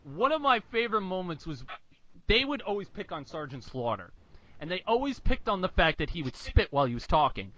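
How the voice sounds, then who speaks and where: Lively, bright-voiced man on a podcast. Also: high voice, fairly quick. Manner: animated, laughs while recounting. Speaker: podcast co-host. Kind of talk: casual chat. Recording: dull lo-fi audio.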